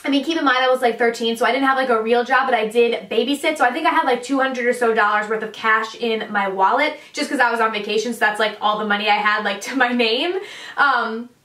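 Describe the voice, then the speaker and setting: A woman's voice: fairly high pitch, fast, fairly bright tone. A young adult woman chatting through a storytime vlog, with lots of casual fillers. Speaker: vlogger. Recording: echoey room, distant mic.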